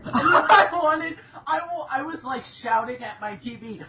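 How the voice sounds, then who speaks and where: A young woman in a casual fan chat, excitable and swearing, quoting her own reactions. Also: high voice, measured pace. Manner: excitable, swears, quotes herself. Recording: echoey room, dull lo-fi sound.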